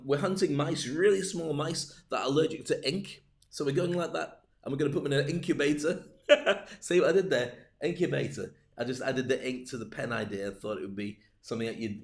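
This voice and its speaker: Older man, speaking coach, playful, jokey, fairly high voice. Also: creaky. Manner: playful, jokey storytelling with lots of asides; animated, acts out little scenes. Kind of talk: livestream talk.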